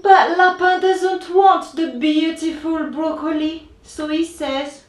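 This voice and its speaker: A woman reading her own picture book aloud to children, slow and expressive, voicing the sound effects. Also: very high-pitched. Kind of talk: children's storybook read-aloud. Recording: roomy echo, distant mic.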